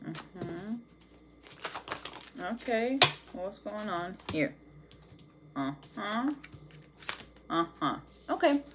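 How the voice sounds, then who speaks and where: A woman's voice: mid-range voice, very animated, extremely slow, pauses often, background noise. A woman giving a casual tarot reading to camera, blunt and profane, laughing often. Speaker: tarot reader.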